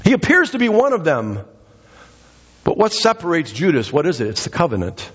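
Breathless preacher in an echoey hall. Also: male voice, wildly swooping pitch, brisk, breathy edge, dull audio. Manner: emphatic, repeats phrases, dramatic pitch swings. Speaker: pastor. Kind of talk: sermon. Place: church sanctuary.

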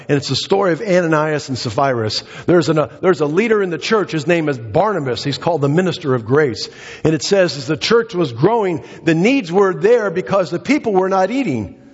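A male pastor preaching a sermon, emphatic and repetitive, swinging his pitch up and down and short of breath. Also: expressive, brisk, slightly rough, in a large hall, lo-fi sound. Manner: emphatic, repeats phrases, dramatic pitch swings. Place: church sanctuary.

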